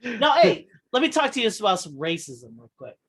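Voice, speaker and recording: A male podcast host with a voice pitched a little above the usual, talking loosely and bluntly. He rambles through his story, doubling back and restarting his sentences and swearing freely in casual chat. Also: big pitch swings, fairly quick, fairly bright tone, breathy edge. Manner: profane and blunt.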